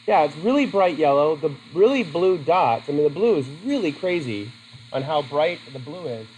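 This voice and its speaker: A man's voice: on the high side, sing-song, moderate pace, a little mellow, a little hiss or hum, rough recording. A man teaching a class in a classroom, chatty and asking his students questions. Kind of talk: classroom lesson.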